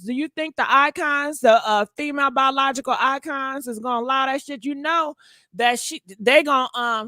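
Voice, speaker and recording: A woman's voice: high-pitched, pushed and bright, no room sound. Woman, livestream gossip host, sassy and profane, repeats herself for emphasis, dry close sound. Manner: sassy, profane, rants to the chat. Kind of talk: casual livestream gossip commentary.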